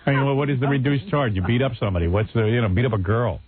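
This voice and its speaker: A man's voice: medium pitch, rapid-fire, a crowd in the background. A man hosting a radio talk show with blunt, sarcastic banter, heard on a tinny lo-fi radio recording.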